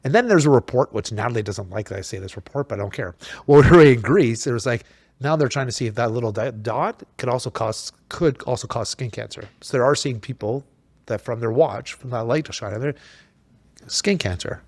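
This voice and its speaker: Animated man hosting a dry-sounding podcast. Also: mid-range voice, fairly quick, no room sound. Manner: animated, emphatic storyteller with many restarts. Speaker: podcast host. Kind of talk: casual podcast chat.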